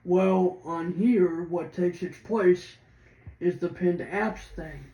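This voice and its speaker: A man talks slowly through a software demo, pausing and restarting often. His voice sits high. The room is roomy, with a faint hiss behind him. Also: dull audio. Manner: rambling, hesitant, full of restarts. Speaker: tech video host. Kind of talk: casual screen-reader walkthrough. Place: indoors at a computer.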